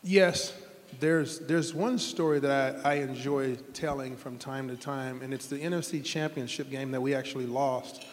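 A man's voice: medium pitch, fairly even intonation, moderate pace, big-room sound. A middle-aged man, a former football quarterback, telling heartfelt stories in an interview with earnest, rambling restarts. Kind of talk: interview storytelling.

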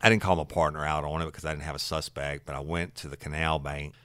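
A man's voice: a bass voice, little pitch movement, fast talker, pushed and bright, dry recording. A man, a detective recounting a case in blunt, folksy, casual storytelling. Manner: folksy, blunt, curses freely.

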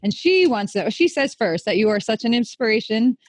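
A woman's voice: fairly high pitch, very animated, brisk, no echo, clean studio sound. A middle-aged woman hosting a casual chat, who laughs easily and reads out listener questions. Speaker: host.

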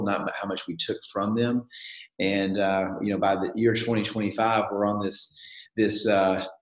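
Southern man, interview guest, lowish voice, echoey room. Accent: Southern American. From Nashville, Tennessee. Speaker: guest, real estate founder. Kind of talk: interview answers.

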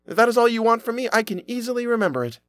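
A man's voice: very high-pitched, big pitch swings, very fast, no room sound, studio quality, voice pushed up. A man voicing a simple-minded, fearless young lad with an earnest, stammering way of talking.

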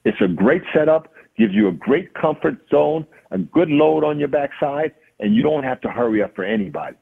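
A man, a hitting coach and podcast guest, telling a lively story and acting out the dialogue. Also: a little high, moderate pace, creaky, slightly rough. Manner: acts out quoted dialogue. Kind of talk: animated storytelling. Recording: tinny phone-like line.

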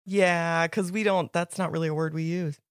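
A woman's voice: on the low side, steady tone, moderate pace, dry recording, studio quality. A young woman co-hosting a podcast, chatting casually about a book in an opinionated way, with lots of "like.". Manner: chatty, opinionated, heavy use of "like". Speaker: podcast co-host.

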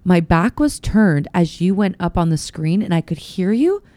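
A woman in her thirties chatting casually as co-host, animated and laughing often. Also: fairly low pitch, normal speed, dry recording. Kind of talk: casual chat.

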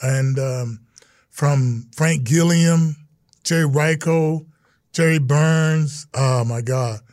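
A man's voice: a little high, slow, a little mellow, no room sound, clean studio sound. A middle-aged man, a former pro football player, telling stories in a casual interview and acting out the voices of people he quotes. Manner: earnest storytelling, acts out quoted voices.

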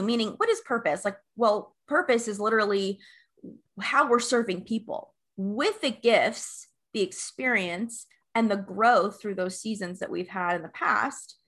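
A woman in her thirties, a life coach, telling her story in a casual podcast interview, earnest and animated, laughing often. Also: mid-range voice, slightly rough.

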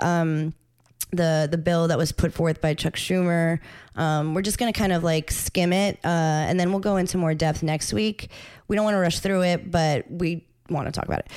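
A woman's voice: on the low side, a little mellow, smooth. A woman co-hosting a casual podcast, rambling and filling her talk with "like" and laughter. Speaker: podcast co-host. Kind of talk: casual chat.

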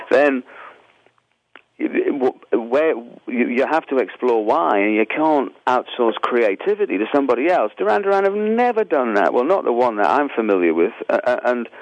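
English man, halting rambling answers, mid pitch, slightly muffled recording. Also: big pitch swings, no room sound. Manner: halting, many restarts and fillers. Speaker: musician guest.

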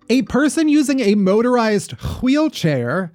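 A woman's voice: on the low side, expressive, normal speed, darkish tone, faint music behind. Laughing woman co-hosting a news podcast. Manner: jokey, laughs often, slips into silly voices. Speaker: podcast co-host. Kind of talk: casual chat reading news.

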